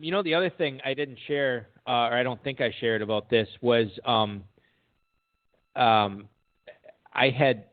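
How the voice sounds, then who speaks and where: A middle-aged man guesting on a podcast, telling stories in a casual, animated way and laughing as he goes. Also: medium pitch. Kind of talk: casual storytelling. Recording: tinny phone-line audio.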